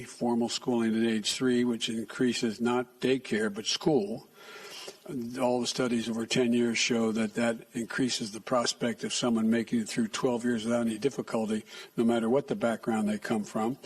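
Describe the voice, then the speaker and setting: An older man answering reporters' questions at a press conference, speaking haltingly with frequent restarts and soft asides. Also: mid-range voice, slightly rough, recorded from a distance. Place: press room.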